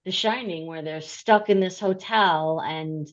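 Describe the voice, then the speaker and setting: A woman's voice: on the low side, unhurried, muffled recording. A middle-aged woman chatting in a book club discussion, talking easily and laughing often.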